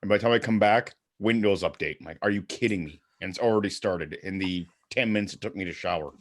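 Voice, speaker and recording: A man's voice: low-pitched, fast talker. A man in casual group chat, blunt and swearing as he talks.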